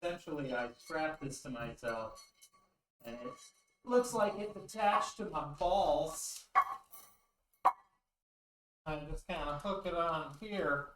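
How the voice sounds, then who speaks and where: A man's voice: a little high, expressive, slow pace, long pauses. A man hosts a casual, joking vlog, firing off puns and crude asides while working out with weights. He sits far from the camera mic, so his voice rings in a roomy echo with faint background hiss. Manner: jokey, punning, crude asides. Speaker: YouTube host. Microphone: camera mic from a distance.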